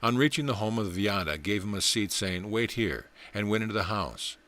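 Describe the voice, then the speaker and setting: Low-voiced man reading aloud, measured. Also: sharp tone. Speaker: audiobook reader. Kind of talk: scripted narration.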